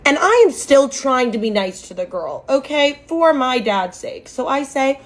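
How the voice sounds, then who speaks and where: A woman's voice: lively intonation, unhurried, few pauses. Sarcastic young woman telling a story. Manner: sarcastic, exasperated, with sharp jumps in pitch. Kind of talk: scripted storytime narration.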